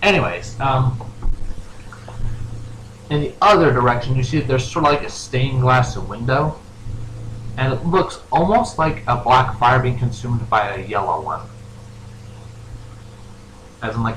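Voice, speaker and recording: A man's voice: mid-range voice, fairly bright tone. A man running a tabletop role-play game as game master, narrating casually with rambling fillers, in an echoey room with faint noise.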